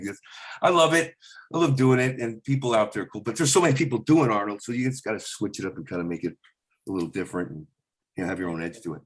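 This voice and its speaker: A male stand-up comedian chatting in an interview, rambling through stories and slipping into quick voices. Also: medium pitch, lively intonation, a bit bright. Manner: rambling, slips into voices and impressions mid-story. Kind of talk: casual interview chat with quick impressions.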